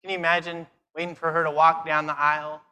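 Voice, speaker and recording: Brief: man, fairly high crisp voice, conference sermon, quizzes the crowd. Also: fast talker. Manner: lively, fires questions at the audience; self-mocking asides. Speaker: conference speaker.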